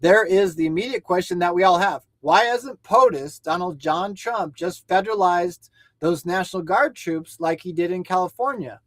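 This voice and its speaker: High-voiced man ranting angrily, profane. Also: moderate pace, no room sound. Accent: American. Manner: angry, profane, shouting at times. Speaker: livestream news show co-host. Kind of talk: heated ranting livestream commentary.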